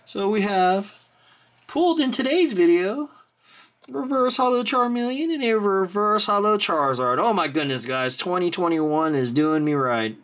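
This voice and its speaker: This pack-opening commentary comes from an excited host speaking at normal speed in a mid-range voice as he tears into trading card packs on camera. He often exclaims, apologizes, and wanders into rambling asides.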